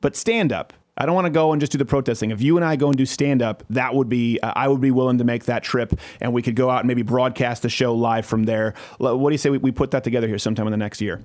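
A man's voice: mid-range voice, fairly even intonation, fast, few pauses, darkish tone. A man from Canada hosting a casual political talk show, joking and laughing often. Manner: jokey, mocking, laughs a lot. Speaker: show host.

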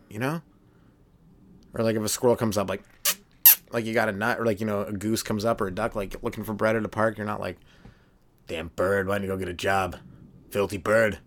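A young man hosting a solo comedy podcast from his trailer, rambling between riffs and popping into quick silly voices. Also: on the low side. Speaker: stand-up comedian, podcast host.

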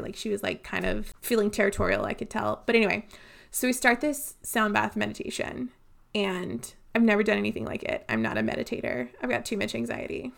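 A woman's voice: medium pitch, a little fast, vocal fry. A woman co-hosting a book podcast, telling stories in a chatty way, full of "like". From Louisiana. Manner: chatty storyteller, many "like"s. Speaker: podcast co-host. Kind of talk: casual book podcast chat.

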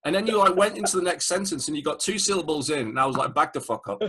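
A man with an English accent hosting a casual interview, animated and quick to laugh as he retells stories. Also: on the high side, a little hiss or hum. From England. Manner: animated storyteller, laughs often, acts out quotes. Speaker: podcast host.

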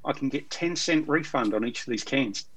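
A man leads a relaxed chat as host, loose and joking. His voice sits at an everyday middle pitch, and he keeps things moving with a scattering of ums. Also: moderate pace, low-quality recording. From England. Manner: chatty, joking, runs the show with filler ums. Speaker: podcast host. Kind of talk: casual chat among friends.

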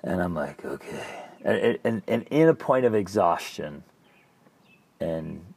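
A middle-aged man tells a story on a talk show, his low voice gravelly and a little husky. His pitch swings widely as he acts out his own thoughts, often restarting his sentences. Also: lively intonation, unhurried, a little mellow, no room sound. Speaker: podcast co-host. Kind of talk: casual storytelling chat.

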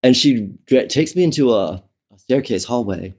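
In conversation with an interviewer, a man recounts his life candidly and emotionally. His mid-range voice sounds relaxed and mellow, if slightly rough, and he frequently starts phrases over and leans on "um" and "you know."

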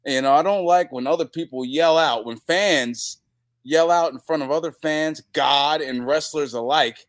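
A man's voice: a little high, normal speed, no echo, clean studio sound. A man as a podcast guest, telling crude stories and acting out the people in them. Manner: profane, animated storytelling with acted-out quotes. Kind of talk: casual chat.

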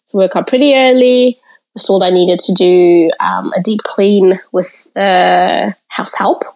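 A woman from Africa, a podcast guest, telling her personal story in an interview in a candid, reflective way. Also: medium pitch. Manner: candid and reflective, pausing to gather thoughts.

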